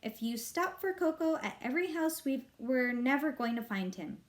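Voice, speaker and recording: An impatient schoolboy, as a woman reading a storybook puts him on, bossy and a little raised in pitch. He lectures his little brother in a fed-up, know-it-all way. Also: animated, moderate pace. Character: boy of about twelve, exasperated big brother.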